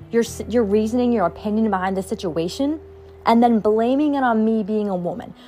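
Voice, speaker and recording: A woman's voice: a little high, a little mellow. Heated young woman ranting on a podcast. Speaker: podcast host. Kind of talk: casual monologue.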